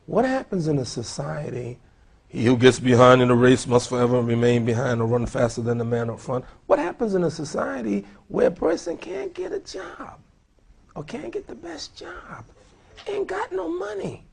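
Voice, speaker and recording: A man speaking as an imam at a seminar, animated and questioning his audience. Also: on the high side, moderate pace, gravelly, breathy edge. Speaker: imam lecturer. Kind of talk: seminar lecture. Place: lecture hall.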